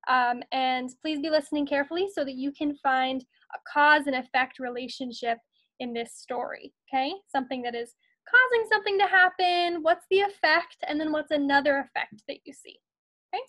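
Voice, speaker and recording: A woman's voice: high voice, moderate pace, a bit bright. A woman teacher reading a picture book aloud to her students in an encouraging, storytelling manner.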